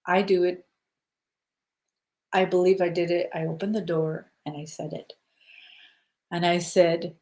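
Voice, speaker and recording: A woman hosting a casual spiritual stream, guiding listeners through breathing and giving gentle advice, often checking in with "okay?". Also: lowish voice, level tone, measured pace, long pauses. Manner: soothing, repeats "okay?" to check in. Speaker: spiritual live-stream host. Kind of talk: casual guided spiritual talk.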